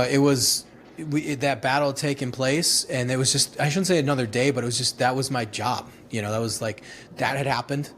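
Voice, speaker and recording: A man in his thirties, a former Marine, tells his stories in a loose, profane, laughing way. His voice sits at an ordinary middle pitch. Faint background noise runs under the recording. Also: fairly bright tone. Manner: rambling, profane, laughing retelling with many restarts. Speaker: guest, former Marine infantryman. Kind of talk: casual storytelling interview.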